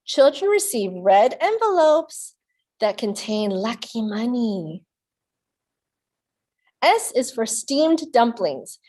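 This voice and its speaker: Slow, lively woman reading to kids. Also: on the high side. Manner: slow, lively storytime voice, playful animal sounds. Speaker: children's librarian. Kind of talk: children's storytime reading.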